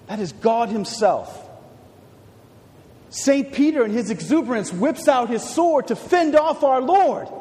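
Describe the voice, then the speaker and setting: A male preacher giving a dramatic sermon, swinging from hushed words to shouts. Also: high voice. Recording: long hall reverb.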